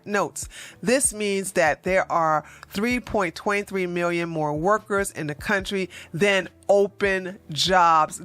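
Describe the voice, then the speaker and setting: A woman's voice: fairly low pitch, a bit bright, dry recording. A woman hosting casual political commentary, sarcastic and emphatic, with slangy phrasing.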